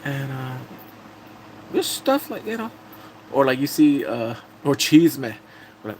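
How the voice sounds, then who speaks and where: A man casually recapping TV drama episodes on a live stream, telling it with animated energy and acting out characters' lines. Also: medium pitch, unhurried, pauses often, a little hiss or hum, low-quality recording.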